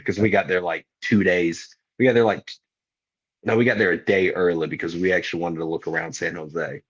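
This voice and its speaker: With dull audio, a young man's low-sitting voice moves fairly quickly. He's a wrestler on a podcast, casually telling lively, slangy stories and imitating what people said.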